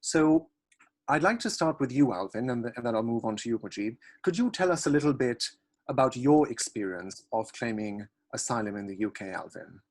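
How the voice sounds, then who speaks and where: A man's voice: mid-range voice, animated, brisk, a little mellow. Encouraging man moderating a panel. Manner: encouraging, with repeated restarts.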